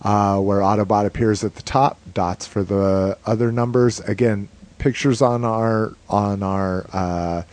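Man, podcast co-host, relaxed rambling chat, lowish voice, casual swearing. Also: a little slow, few pauses.

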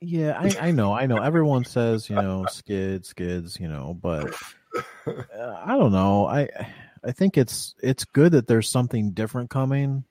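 Hesitant man with a lively low voice. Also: measured pace, dry recording, clean studio sound. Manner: hesitant, hedging. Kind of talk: casual chat.

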